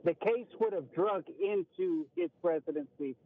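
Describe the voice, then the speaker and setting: A man's voice: sits high, normal speed, no room sound. A man calling in to a talk show, explaining his point matter-of-factly. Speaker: caller. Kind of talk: call-in comment. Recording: tinny phone line.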